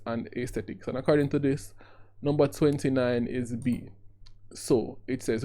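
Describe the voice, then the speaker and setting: A man's voice: mid-range voice, dark tone. A man tutoring, walking through exam questions as he thinks aloud and corrects himself along the way.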